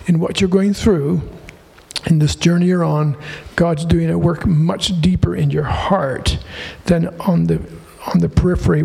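Guy at church reading a prophetic word, husky mellow voice, soft chuckles. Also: a little high. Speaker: pastor or prayer minister.

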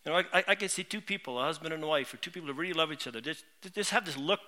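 A man's voice: fairly high pitch, rapid-fire, bright, forceful tone. A middle-aged man preaching a sermon as pastor, telling heartfelt stories in an earnest way and often repeating words as he searches for them. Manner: earnest, heartfelt storytelling with frequent word repeats.

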